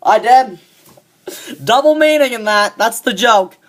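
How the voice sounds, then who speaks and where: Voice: mid-range voice, lively intonation, unhurried, lightly acted. A fan performer voicing a cocky young man who rants smugly and swears a lot about a coworker, in a comedic monologue. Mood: ranting. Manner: ranting, profane and smug.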